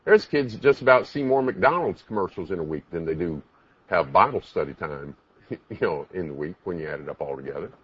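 Husky man preaching with lively emphasis. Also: sits low, brisk, highs cut off. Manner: emphatic, asks many rhetorical questions. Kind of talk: sermon.

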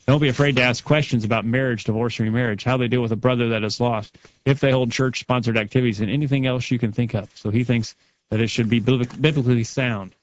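A man's voice: medium pitch, fast. Man co-hosting a church talk show, reads out listener notes, kinda muffled sound. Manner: steady, reads listener feedback aloud. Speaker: radio show co-host. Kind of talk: religious talk show discussion.

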